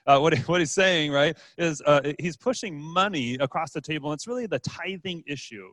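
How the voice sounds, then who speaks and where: A man's voice: a little high, brisk, a bit bright, no room sound. A man preaching a casual, joking sermon as a pastor, with frequent fillers and restarts. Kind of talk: conversational sermon.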